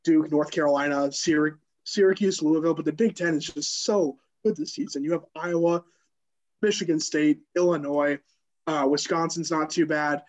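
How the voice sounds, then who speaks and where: A man co-hosting a casual sports podcast, quick and teasing in his back-and-forth. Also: fairly high pitch, fairly even intonation, poor audio. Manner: quick, teasing, restarts lines.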